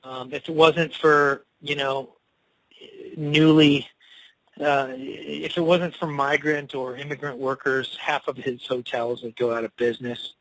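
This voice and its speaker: A man's voice: medium pitch, a little slow, no echo, rough recording. Male musician being interviewed, casual and loose, cursing freely, dry close sound. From Cleveland. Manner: rambling, animated, swears freely.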